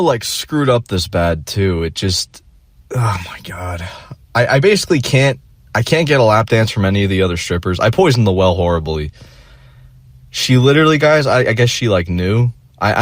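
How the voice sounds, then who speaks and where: A man's voice: lowish voice, no echo. A young man telling a rambling, profane story in a casual monologue, full of fillers and restarts. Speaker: vlogger.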